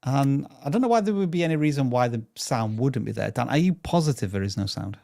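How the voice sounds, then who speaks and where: A man's voice: mid-range voice, lively intonation, fast, gravelly, dark tone, dry recording, studio quality. A man co-hosting a live YouTube review, easygoing and supportive, chiming in briefly. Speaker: live stream co-host. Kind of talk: live stream review chat.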